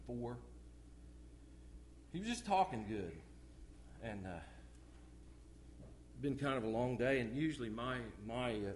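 A middle-aged man preaches a sermon in church, swinging between loud outbursts and hushed, low asides. There's a little hiss or hum in the recording.

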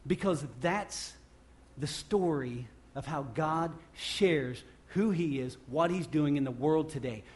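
Man preaching, swinging loud and soft. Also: takes it slowly. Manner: animated preaching that swings between loud emphatic bursts and quiet low passages; repeats and restarts phrases while speaking off the cuff. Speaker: pastor. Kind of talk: sermon.

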